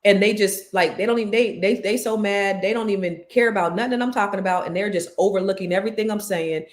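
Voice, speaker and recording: A woman's voice: medium pitch, fast. A woman, telling a family story in casual chat, her voice jumping up when she quotes people. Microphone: live stream mic.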